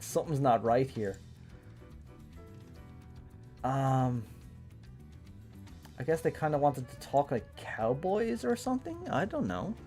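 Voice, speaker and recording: An Irish man casually commenting on a game during a live stream, chatty and rambling, often pausing with ums. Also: medium pitch, darkish tone. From Ireland. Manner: chatty, rambling, thinking aloud with many ums.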